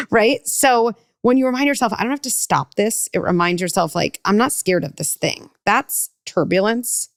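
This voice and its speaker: A woman speaking as a parenting expert in a podcast conversation, talking quickly and acting out children and parents with lively shifts in her voice. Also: mid-range voice, no room sound, studio quality. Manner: fast, animated, acts out kids and parents with voice shifts.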